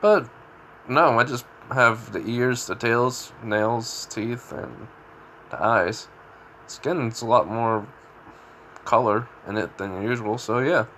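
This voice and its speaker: A man tells a story in a loose, casual way, stopping and restarting, filling gaps with "like". His voice sits at an everyday middle pitch, with faint noise in the recording. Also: takes it slowly, fairly bright tone. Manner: rambling, full of "like" and restarts.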